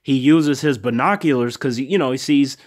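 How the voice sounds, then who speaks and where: A man's voice: medium pitch, brisk. A man hosting a casual vlog review, laid-back and profane, often laughing and acting out characters' lines. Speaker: TV show reviewer and channel host.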